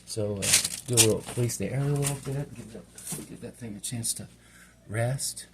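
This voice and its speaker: Middle-aged male home cook, chatty and meandering, gravelly tone, faint background noise. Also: mid-range voice, normal speed. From Hawaii. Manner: chatty, meandering, talks to himself while working. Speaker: home cook and channel host. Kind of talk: rambling casual cooking vlog.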